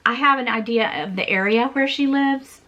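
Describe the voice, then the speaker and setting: A woman's voice: fairly high pitch, moderate pace, pushed and bright, muffled recording. A woman in her forties, a vlogger telling a personal story in an earnest, repetitive way with small laughs.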